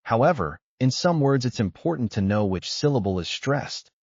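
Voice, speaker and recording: A man narrating a scripted language lesson, explaining rules in a measured way. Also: mid-range voice, lively intonation, darkish tone, no echo, muffled recording. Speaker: language teacher.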